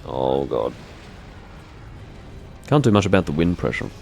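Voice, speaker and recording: A man giving relaxed, rambling commentary while playing a game live, with dry, self-deprecating asides. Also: extremely low pitch, a little slow, gravelly, soft background music. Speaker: gaming streamer.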